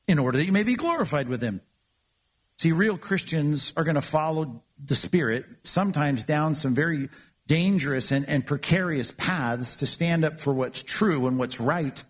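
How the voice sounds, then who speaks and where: A man's voice: on the high side, slightly rough. A man preaching a sermon, earnest and emphatic, often repeating words as he builds his points. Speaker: pastor.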